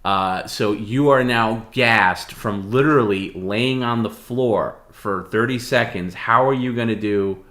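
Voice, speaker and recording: A man co-hosting a live stream, giving bossy, deadpan instructions. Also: lowish voice, a little slow, hardly any pauses, reverberant. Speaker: stream co-host.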